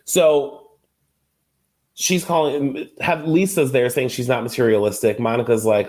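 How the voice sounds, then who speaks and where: A man's voice: mid-range voice, steady tone, unhurried, a little mellow. A young adult man hosting a casual recap podcast, gossipy and chatty, often laughing and acting out quotes. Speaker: podcast host.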